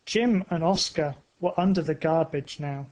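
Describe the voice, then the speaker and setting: A man's voice: a little high, moderate pace, darkish tone. A man narrating a simple graded story for English learners, with careful, evenly spaced phrasing.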